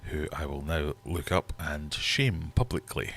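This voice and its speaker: A man's voice: rumbling low, expressive, unhurried, vocal fry, a bit bright. A man hosting a live-stream quiz from his fish room, chatty and teasing his viewers. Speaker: livestream host running a quiz. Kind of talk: casual live-stream chat.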